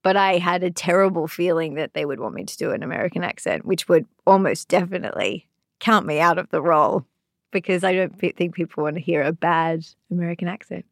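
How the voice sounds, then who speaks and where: Chatty Australian woman, lowish voice. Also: a little fast, no echo, clean studio sound. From Sydney, Australia. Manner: chatty, laughs easily, many "like" fillers. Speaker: actor, guest. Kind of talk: casual interview chat.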